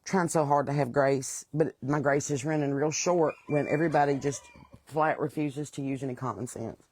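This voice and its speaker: A woman's voice: low voice, steady tone, moderate pace, darkish tone, breathy edge, dry recording. A middle-aged woman with a West Virginian accent, hosting a casual monologue and talking in a blunt, plain-spoken, aggravated way. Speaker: host.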